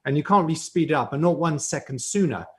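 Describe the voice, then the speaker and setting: Calm, measured man, slightly high voice. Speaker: mental health panelist. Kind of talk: live-streamed panel talk.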